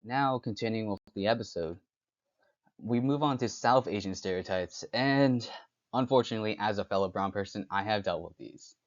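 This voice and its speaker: Halting young man, lowish voice. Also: muffled recording. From United States. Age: young adult. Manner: halting, frequent restarts and fillers. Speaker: podcast host. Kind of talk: unscripted solo talk on stereotypes.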